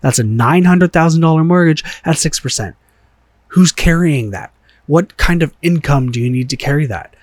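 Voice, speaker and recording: A frustrated man hosts a solo opinion rant, swearing and hammering the same rhetorical questions again and again. His voice sits a little higher than most men's. The sound is dry and close, with no room echo. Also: expressive, normal speed. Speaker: podcast host.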